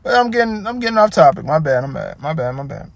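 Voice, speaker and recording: A man with a high-pitched voice rants about a wrestling show in a loose, rambling way, cursing freely and getting animated. The recording is dry and close, with no room sound. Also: fast talker, gravelly, no echo. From Detroit area. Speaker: wrestling commentator. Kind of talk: casual rant.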